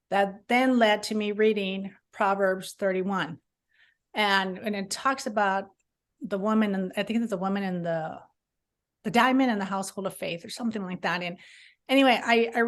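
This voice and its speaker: This is an author guest: a middle-aged woman from Southern California whose voice sits at a medium pitch. She talks through her own faith story in an interview, earnest and meandering, with plenty of false starts.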